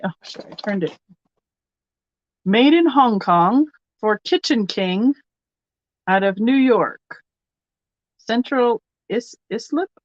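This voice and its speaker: Hosting a vintage sale streamed live online, this woman talks in a relaxed, think-aloud way as items come up and bids come in. Her pitch sits in the middle range, and the lo-fi recording is dry and a bit muffled.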